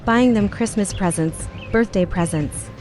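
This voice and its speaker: A woman's voice: medium pitch, measured pace, darkish tone, soft background music. Woman telling a dramatic personal story. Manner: emotional, confessional retelling with quoted dialogue.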